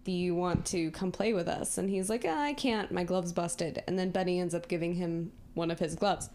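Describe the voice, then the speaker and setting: A woman's voice: fairly low pitch, moderate pace, darkish tone. A woman co-hosting a podcast, chatting casually and animatedly, laughing, swearing and acting out scenes in quoted voices. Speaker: podcast co-host. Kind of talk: casual chat recapping a movie.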